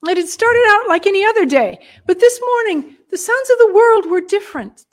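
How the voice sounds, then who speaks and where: A woman telling a Bible story dramatically, with hushed moments and long pauses. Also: very high-pitched, animated.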